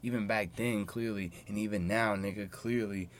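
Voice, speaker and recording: A man's voice: lowish voice, fairly even intonation, normal speed, a little hiss or hum. A young man hosting his own podcast in a casual solo monologue, boastful and full of profane street slang. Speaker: podcast host.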